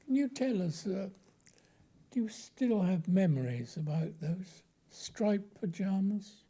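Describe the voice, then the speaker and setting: An older man asks short, hesitant interview questions at a very slow pace. His voice is dark and gravelly, with a husky edge. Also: high-pitched, expressive.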